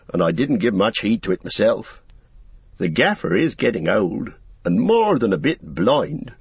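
A man's voice: lowish voice, slightly rough, no room sound, exaggerated voice. A man voicing a loyal, humble male hobbit servant who speaks earnestly and rustically in an audiobook. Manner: deferential, rustic speech with frequent "sir". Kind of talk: audiobook character voice. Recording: dull, dry lo-fi recording.

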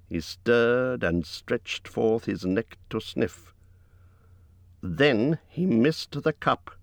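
A man reading a fantasy story aloud as an audiobook narrator, measured and dramatic. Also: on the low side, no room sound.

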